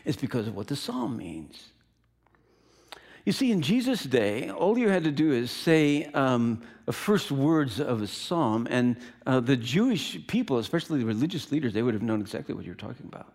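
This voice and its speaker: Animated preaching man with lively pitch. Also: moderate pace. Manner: dramatic, emphatic preaching with sudden swings in loudness. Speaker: pastor. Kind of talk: sermon.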